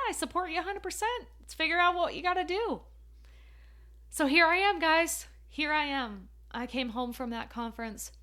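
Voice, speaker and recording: Female podcast host, fairly high voice, emotional and emphatic motivational storyteller. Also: a bit bright.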